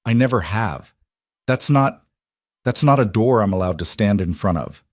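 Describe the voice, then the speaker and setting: A man's voice: on the low side, animated, moderate pace, dry recording, clean studio sound. A man voicing a guarded, shaken young woman who breaks off and restarts her sentences. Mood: strained.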